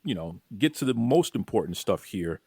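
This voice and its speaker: A man's voice: on the low side, moderate pace, gravelly, slightly rough, no echo. Boston man hosting a podcast. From Boston, USA. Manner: energetic, folksy, repeats words. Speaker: podcast host. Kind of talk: casual podcast interview.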